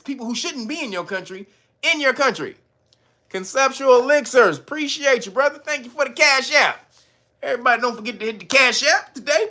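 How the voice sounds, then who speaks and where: A male host giving casual, animated commentary, swearing freely and often breaking into laughter. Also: high-pitched.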